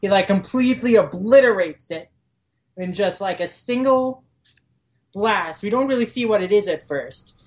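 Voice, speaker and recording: A woman in a relaxed podcast chat, retelling a story with plenty of "like" and "uh". She jumps into quick, higher voices when she quotes the characters. Her voice sits at an ordinary middle pitch. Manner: many "like" fillers, acts out characters' lines in quick raised voices. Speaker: podcast guest. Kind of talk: casual manga recap.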